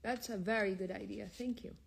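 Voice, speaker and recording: A woman's voice: medium pitch, steady tone, a little fast, vocal fry. Chatty woman on a phone livestream. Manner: chatty, reads out viewer questions and answers them frankly; drifts between several languages mid-stream. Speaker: livestream host answering viewer comments. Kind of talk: casual livestream chat.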